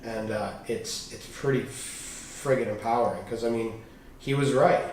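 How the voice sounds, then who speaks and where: Unhurried and medium in pitch, a man shares frank personal stories as a podcast guest, cursing and animatedly acting out the conversations he recalls. There's slight background noise, and the room is echoey with the mic placed far off.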